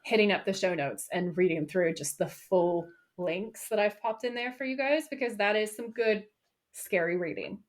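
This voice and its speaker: A woman with a medium-pitched voice co-hosts a podcast, gushing enthusiastically in casual chat at a normal speed.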